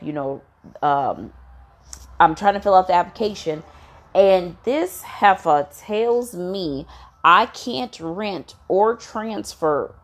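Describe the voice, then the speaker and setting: A woman telling a casual storytime rant about her landlord and rent, blunt and swearing freely, with lots of "you know" and "um". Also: on the low side. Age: adult with a daughter.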